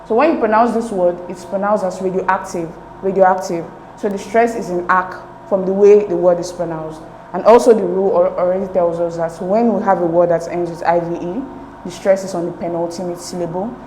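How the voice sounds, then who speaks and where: A woman's voice: lowish voice, steady tone, a little fast, mellow, roomy sound, slight background noise, low-quality recording. A woman explaining exam questions step by step as a tutor, repeating key points.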